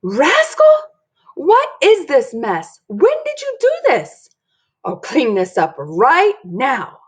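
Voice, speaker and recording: Brief: woman playing a fed-up storybook mother, high-pitched and scolding. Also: huge pitch swings, slow, slightly rough, full character voice. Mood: exasperated. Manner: loud, shrill scolding. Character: exasperated mother scolding her child.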